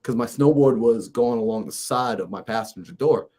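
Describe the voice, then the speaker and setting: Animated man telling a story. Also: medium pitch, moderate pace. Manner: lively, acts out conversations in his stories. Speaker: mindset coach, podcast guest.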